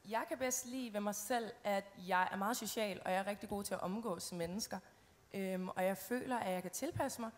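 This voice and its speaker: A woman's voice: mid-range voice, fairly quick. A young woman pageant contestant answering on a live stage, enthusiastic, in flowing run-on phrases.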